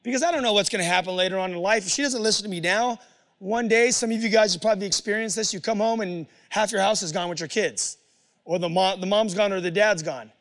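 A man's voice: high voice, fast, a bit bright, long reverb tail. A man telling his personal testimony to an audience in a casual, slangy storytelling way. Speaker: speaker giving a personal testimony.

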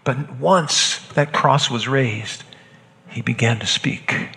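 A man's voice: mid-range voice, creaky, sharp tone, heavily acted. Guy doing a rattled roman soldier, stammery, echoey hall sound. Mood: grave, shaken. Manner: halting, stammers and repeats words. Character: shaken Roman centurion, hardened male executioner.

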